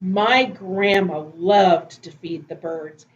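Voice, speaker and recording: A woman teacher reading picture books and poems aloud to preschoolers in a slow, gentle, sing-song way. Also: lowish voice, roomy sound, lo-fi sound. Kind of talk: children's storytime reading.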